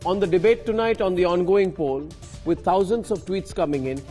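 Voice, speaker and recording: A man moderating a heated televised news debate, forcefully interrupting and repeating panelists' names. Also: sits high, animated, normal speed, soft background music.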